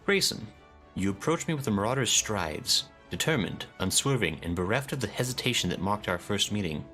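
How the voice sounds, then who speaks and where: A man's voice: lowish voice, expressive, a little fast, sharp tone, faint music behind. A man voicing a stern, formal axe guild master in a game, in a solemn, lofty reading voice.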